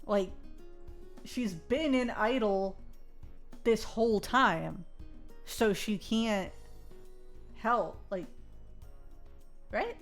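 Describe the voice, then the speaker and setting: A woman streamer reading a visual novel aloud in a soft narrating voice, then breaking into loud, giggly reactions to her chat. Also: mid-range voice, extremely slow, long pauses, faint music behind.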